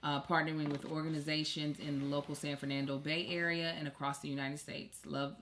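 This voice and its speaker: A woman's voice: low voice, level tone, brisk, a bit bright, slight background noise. A woman in her thirties hosting a podcast, reading a sponsor message in an upbeat way and adding playful asides. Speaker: podcast host. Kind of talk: reading an ad, casual chat.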